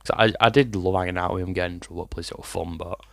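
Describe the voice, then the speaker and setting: A young man rambles through a sweary story in a very low, flat, gravelly voice. A cough lingers in his throat, and the talk is full of fillers and restarts. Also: rapid-fire, no echo. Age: 20s. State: has a cough. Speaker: vlogger. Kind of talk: casual storytime vlog.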